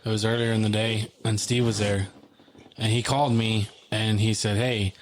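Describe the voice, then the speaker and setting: A man's voice: lowish voice, flat delivery, moderate pace, slight background noise. A man co-hosting a podcast, retelling an emotional story and acting out the phone calls in quoted dialogue. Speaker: podcast co-host. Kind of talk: emotional storytelling in casual conversation.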